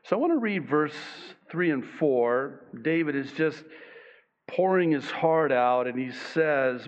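A man preaching a sermon, slow and emphatic, with dramatic pauses on key phrases. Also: on the high side, expressive. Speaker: pastor. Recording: dull lo-fi recording.

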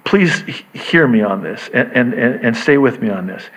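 A man preaching a sermon, unhurried, repeating key words and swinging between quiet asides and raised emphasis. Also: medium pitch, animated, breathy edge. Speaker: pastor. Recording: dull lo-fi recording.

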